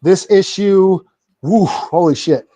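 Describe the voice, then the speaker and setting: Brief: podcast co-host, slightly high voice, eager and casual. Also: male voice, slow pace, dark tone. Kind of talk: casual comic book review.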